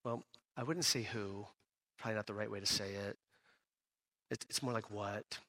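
A man doing a heartbroken old patriarch in a retold scripture story, speaking lower and quieter. He reassures softly and patiently, with a bright edge left in the tone. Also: steady tone, normal speed. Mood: gentle. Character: heartbroken, gentle patriarch Noah, older man.

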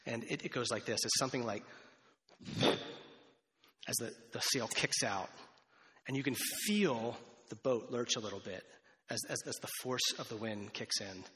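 A man's voice: mid-range voice, moderate pace, pauses often, sharp tone. A man preaching a sermon as a pastor in a church, talking conversationally with rambling asides and restarts. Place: church sanctuary. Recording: long hall reverb.

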